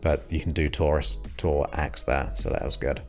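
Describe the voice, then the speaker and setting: A man's voice: rumbling low, fairly even intonation, normal speed, darkish tone, soft background music. A man from England hosting his show, chatting casually and enthusiastically with viewers. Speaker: podcast host. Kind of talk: casual livestream chat.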